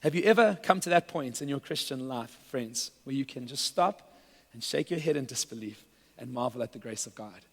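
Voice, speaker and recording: A man's voice: medium pitch, animated, moderate pace. Man preaching in a reverberant church. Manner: earnest preaching, turns playful and laughing at times. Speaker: pastor. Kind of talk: sermon. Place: church sanctuary. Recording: church hall with long reverb.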